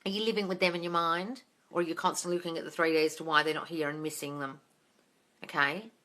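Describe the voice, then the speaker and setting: A woman's voice: low-pitched, fairly even intonation, fast, pushed and bright. A woman hosting a casual live-stream Q&A. She reads out viewer comments, swears freely and calls listeners darling. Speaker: host of a manifesting Q&A live stream.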